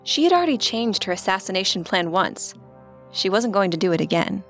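A woman's voice: medium pitch, sing-song, brisk, a bit bright, soft background music. Woman co-hosting a true-crime podcast. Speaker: podcast co-host narrator. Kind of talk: scripted true-crime narration.

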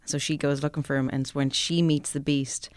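A woman's voice: low voice, level tone, fairly quick, no room sound, studio quality. A young woman telling candid stories in casual chat as a guest reviewer, swearing freely.

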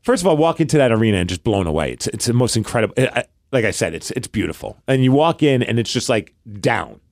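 A man's voice: medium pitch, very animated, fast talker, dry recording, clean studio sound. Man with a New York accent. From Brooklyn, New York. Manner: rambling, acts out quoted dialogue. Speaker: podcast co-host. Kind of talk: casual storytelling chat.

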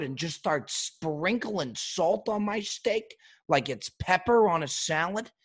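A man with a husky, slightly high voice rants in mock outrage, hosting a comedy show. He keeps piling on the indignation with exaggerated complaints. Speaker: comedic host. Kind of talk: comedic rant.

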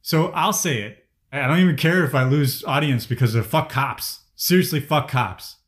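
A man's voice: fairly high pitch, moderate pace. A man ranting angrily in casual conversation, swearing heavily as he vents. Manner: angry, profane ranting. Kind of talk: casual chat.

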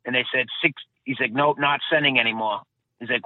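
Medium in pitch and steady in tone, a man talks a little fast while giving a personal account in a casual interview; he is a bombing survivor appearing as a guest. He rambles, corrects himself and repeats phrases. It's a dry recording with a tinny, phone-like sound.

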